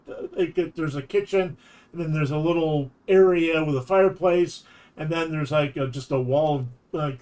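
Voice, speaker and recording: A man's voice: on the high side, darkish tone. Rambling man telling a story. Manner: rambling, with frequent restarts. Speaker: streamer. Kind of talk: casual storytelling chat.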